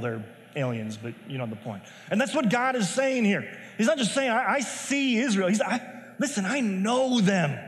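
A man's voice: fairly high pitch, big-room sound. A man giving a casual, conversational sermon as pastor, wandering into asides and restarting his sentences. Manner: conversational, digressive, many restarts.

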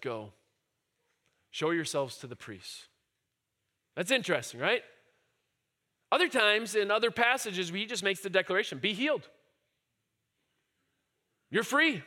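A man preaching a sermon, animated, dropping to quiet musing and rising to shouted cries. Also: high-pitched. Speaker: pastor.

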